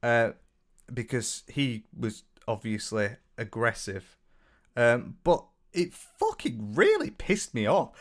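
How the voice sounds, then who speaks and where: A man's voice: medium pitch, sing-song, measured pace. A young man with a British accent talks in a loose, offhand commentary style, swearing freely and poking fun at the person he is discussing. He breaks off now and then to read out and answer comments. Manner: blunt, sweary and mocking, often reading viewer comments aloud. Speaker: commentary YouTuber. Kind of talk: casual reaction commentary.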